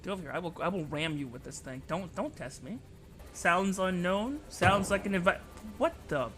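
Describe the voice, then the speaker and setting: A man live-streaming as a VTuber, chattering excitedly and bickering playfully with his chat, often yelping and shouting. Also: high voice, normal speed, soft background music. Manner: frequent yelps and shouts. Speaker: VTuber livestreamer.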